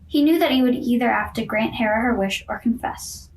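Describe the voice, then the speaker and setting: A woman narrates a myth for a class play in a steady, clear storytelling voice. Her voice sits fairly high. A faint hiss of noise runs under the recording. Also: brisk, far from the mic, poor audio.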